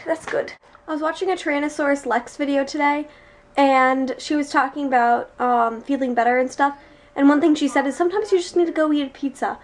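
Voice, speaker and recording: A young woman chatting casually to camera in a vlog, rambling and laughing as she talks. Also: sits high. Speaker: vlogger.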